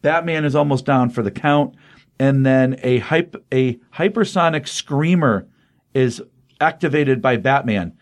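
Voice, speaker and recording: A man in the middle range of pitch, talking through a comic book plot in a relaxed, rambling way. He gets excited about the cool parts and fills the gaps with ums and you-knows. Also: measured pace. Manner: enthusiastic, rambling retelling with fillers and paraphrased quotes. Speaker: podcast co-host recapping comics. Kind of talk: casual comic book recap.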